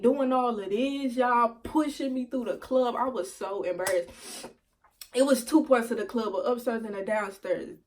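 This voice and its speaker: A young woman telling a storytime vlog to her viewers, animated and profane, laughing often. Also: on the high side, recorded from a distance. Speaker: vlogger.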